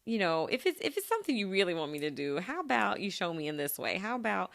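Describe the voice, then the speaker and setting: A woman's voice: mid-range voice, big pitch swings, fast, gravelly, a bit bright. A woman doing a doubtful biblical man. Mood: bargaining. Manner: questioning, hesitant bargaining. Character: doubtful hesitant biblical man bargaining with God.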